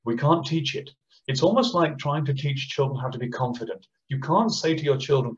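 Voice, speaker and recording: A man's voice: medium pitch, lo-fi sound. A man with an Australian accent, speaking passionately as an education speaker at an online conference, often acting out teachers and children. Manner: passionate, acts out teachers and children in quick impressions.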